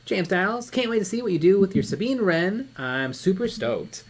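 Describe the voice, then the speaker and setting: A man's voice: high-pitched, big pitch swings, normal speed, slight background noise. A man co-hosting a live miniature-painting stream, chatting in an easygoing way and often murmuring agreement. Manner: easygoing, lots of agreeing "mm-hmm". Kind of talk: casual chat.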